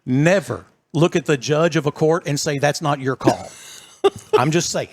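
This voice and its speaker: A fairly high-pitched man with a drawl spins a story for his co-host, jumping into the voices of everyone in it. His delivery is animated and chatty, a casual podcast storyteller. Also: measured pace. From East Texas. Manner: animated storyteller acting out quotes.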